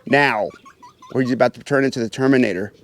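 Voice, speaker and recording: Bird-keeper vlogger, man, chatty, mid-pitched voice, slips into a higher coaxing tone when he addresses his birds. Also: fairly even intonation, very fast. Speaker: pheasant farmer and channel host. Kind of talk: casual vlog narration while doing chores. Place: outdoor aviary pens.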